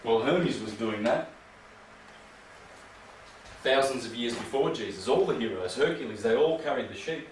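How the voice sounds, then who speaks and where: A man's voice: mid-range voice, lively intonation, normal speed, long pauses. A man giving a rambling, emphatic lecture full of rhetorical questions. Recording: echoey room from far off, faint noise.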